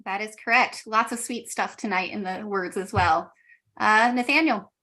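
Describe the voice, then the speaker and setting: A woman moderating a spelling bee over a video call, giving brisk, matter-of-fact rulings. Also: mid-range voice, bright, forceful tone. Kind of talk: running a live online contest.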